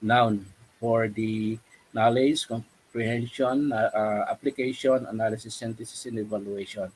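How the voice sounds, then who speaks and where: A man giving an online webinar lecture, speaking haltingly with many fillers and tag questions over a video call. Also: lowish voice, slight background noise, rough recording. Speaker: webinar presenter.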